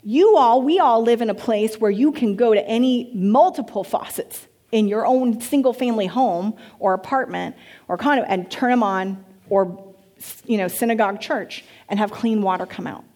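Woman preacher, bit high voice, animated, questions the congregation. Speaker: pastor or Bible teacher. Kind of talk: church teaching. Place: church.

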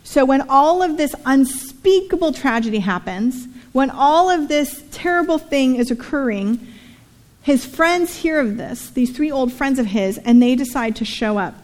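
A woman's voice: high-pitched, expressive, unhurried, a little mellow, big-room sound. A woman pastor preaching a sermon in a synagogue, telling a story with playful asides and reading scripture aloud.

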